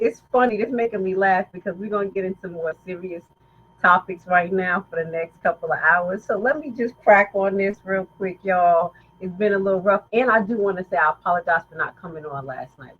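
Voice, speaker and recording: A woman's voice: fairly low pitch, breathy edge, narrow, tinny audio. Chatty woman hosting a reaction stream. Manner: chatty, laughing often. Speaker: host. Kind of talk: livestream reaction commentary.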